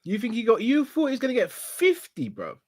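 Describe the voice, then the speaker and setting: A man's voice: extremely high pitch, huge pitch swings, a little fast, no echo, clean studio sound. A man, teasing his co-hosts in casual football chat. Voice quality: teasing, slangy. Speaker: fan channel co-host.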